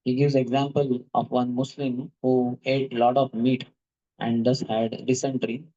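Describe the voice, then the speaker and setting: A man's voice: medium pitch, measured pace, muffled recording. A man giving a devotional talk, telling stories with rhythmic repetition and questions to his listeners. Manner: animated storyteller, repeats words rhythmically, asks the audience questions. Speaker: speaker at a devotional class.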